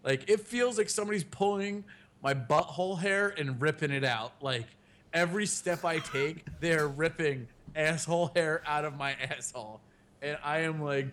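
A man's voice: fairly high pitch, a little slow, fairly bright tone. Casual swearing podcast guy. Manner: rambling storyteller, swears freely. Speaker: podcast host. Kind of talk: casual chat.

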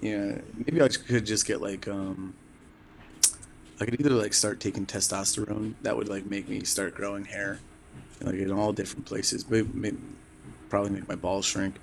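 A man's voice: on the low side, little pitch movement, moderate pace, gravelly, slight background noise. A man in his thirties co-hosting a podcast in casual chat, rambling and laughing often as he tells stories. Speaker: podcast co-host.

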